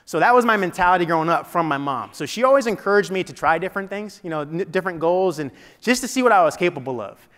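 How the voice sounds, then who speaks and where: A man's voice: high-pitched, lively intonation, fast, hardly any pauses, a bit bright. Man telling his story in a reverberant hall. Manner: conversational, with frequent "you know" and restarts. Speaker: keynote speaker. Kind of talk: motivational storytelling speech. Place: large meeting hall.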